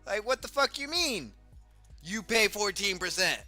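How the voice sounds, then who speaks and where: A man's voice: sits high, very animated, measured pace, pushed and bright, faint music behind. A man streaming reaction commentary on clips, blunt and ranting, swearing heavily.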